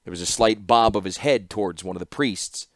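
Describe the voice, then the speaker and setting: A man narrating an audiobook in an expressive storytelling style. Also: lowish voice, fairly quick, no room sound, clean studio sound. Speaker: audiobook reader.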